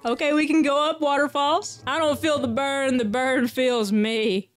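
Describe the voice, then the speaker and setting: A woman with a fairly high voice chatting her way through a video game. She is excitable and jokey, swears freely and talks to herself as she plays. Faint game music runs underneath. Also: unhurried. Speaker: gaming YouTuber. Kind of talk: casual gameplay commentary.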